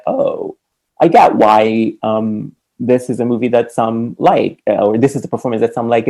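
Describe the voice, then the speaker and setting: A man's voice: lowish voice, vocal fry, dark tone, low-quality recording. A man co-hosting a podcast, talking casually and animatedly about a film, laughing often. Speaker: podcast co-host.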